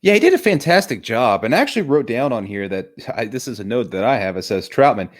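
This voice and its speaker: A man's voice: medium pitch, big pitch swings, fast talker. A man hosting a casual movie review chat, enthusiastic and rambling, often restarting his sentences.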